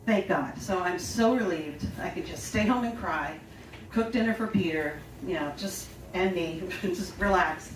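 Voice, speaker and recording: A woman's voice: lowish voice, measured pace. Chatty older woman telling a stage story. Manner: chatty, self-deprecating, laughs through the story. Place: small storytelling venue stage. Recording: roomy live stage sound, distant and noisy.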